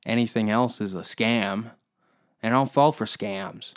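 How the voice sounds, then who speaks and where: A man's voice: fairly low pitch, a little slow. A man from Canada, hosting a comedy podcast with a crude, profane, rambling rant. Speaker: podcast host.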